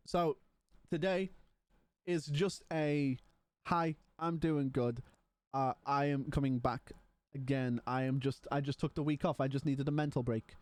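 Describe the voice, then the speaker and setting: A man's voice: medium pitch, steady tone, normal speed, darkish tone, no echo. A man livestreaming from home, chatting casually and rambling while yawning and tired. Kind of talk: casual stream chat.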